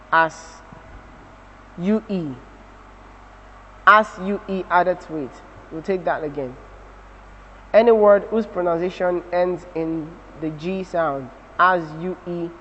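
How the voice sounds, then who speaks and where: A man with a Nigerian English accent teaching a spelling lesson, slowly repeating example words and spelling letters out. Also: on the high side, slight background noise. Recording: dull audio with long reverb.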